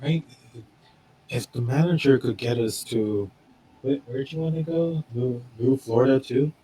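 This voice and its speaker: A man's voice: medium pitch, a little slow, warm tone, breathy edge, rough recording. A man playing a tabletop role-playing game, tossing off wry quips. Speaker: tabletop player. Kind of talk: in-character tabletop role-play.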